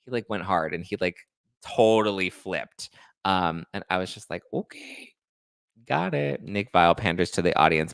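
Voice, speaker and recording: A male host chats casually in a gossipy, animated way. His voice sits fairly low but swings widely in pitch. The recording is dry, with no room echo. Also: creaky. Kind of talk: casual chat.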